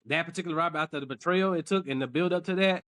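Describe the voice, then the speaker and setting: A man's voice: on the high side, very fast, a bit bright. A man co-hosting a wrestling podcast, making insistent points in casual chat and repeating himself for emphasis. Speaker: podcast co-host.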